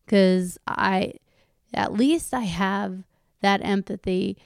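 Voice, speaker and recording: A woman's voice: mid-range voice, takes it slowly, vocal fry, clear, resonant tone, no room sound, studio quality. A woman talking to her viewers in a candid, rambling monologue, going off on tangents and swearing casually.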